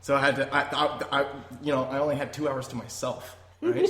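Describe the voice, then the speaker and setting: A young man, a guest telling travel stories in an animated, rambling, self-amused way. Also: mid-range voice, fairly quick, hardly any pauses. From Canada. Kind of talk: casual storytelling. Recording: echoey room, faint noise.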